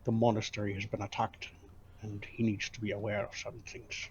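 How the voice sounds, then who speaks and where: A man's voice: lowish voice, little pitch movement, brisk, lightly acted. A man playing an urgent, insistent male dwarf scholar. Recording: slightly muffled mic with faint hiss.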